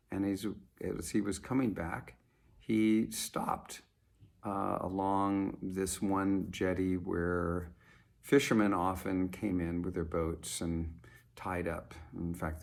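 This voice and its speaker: A male storyteller with a low, gravelly voice who takes his time, wandering through the tale conversationally with pauses and restarts. He speaks slowly and evenly. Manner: unhurried, with fillers and restarts.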